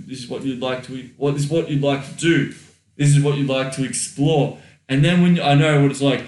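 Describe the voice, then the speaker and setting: A man's voice: mid-range voice, far from the mic. Male podcast co-host, blunt and sweary, off mic in a roomy space. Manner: blunt, swears freely, acts out quoted thoughts. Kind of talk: casual advice chat. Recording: roomy echo, a little off mic.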